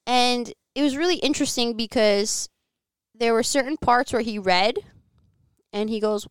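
In a home living room, a woman guest on a podcast tells a personal story with candor, using lots of "like" and the odd curse. Her voice is a little high and clean, at normal speed, with no room sound.

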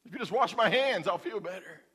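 Guy doing a sorry sinner begging god, voice up high, echoey church. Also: lively intonation, brisk, sharp tone, breathy edge, exaggerated voice. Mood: pleading. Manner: pleading. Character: repentant man praying, ashamed and pleading. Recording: long hall reverb.

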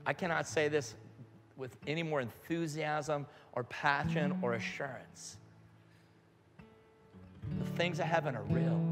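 An older man preaching a sermon and leading prayer, earnest and fervent, with a grandfather's storytelling ease. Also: on the high side. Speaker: pastor. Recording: live hall reverb with music.

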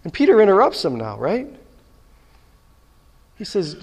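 A man's voice: sits high, wildly swooping pitch, measured pace, long pauses, husky. A man preaching a sermon, telling stories animatedly and acting out the dialogue himself. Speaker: pastor. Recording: long hall reverb.

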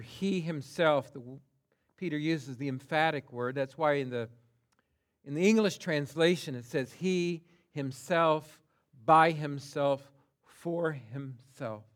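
A pastor preaching a sermon, emphatic and deliberate, swinging from hushed tones to loud cries and stressing single words. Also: male voice, fairly high pitch.

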